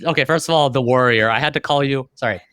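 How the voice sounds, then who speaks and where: A man's voice: medium pitch, fairly bright tone, smooth, no echo, clean studio sound. A man hosting a podcast, chatting casually and jokingly with his guest. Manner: playful, jokey, fast-talking. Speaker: podcast host. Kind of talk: casual interview chat.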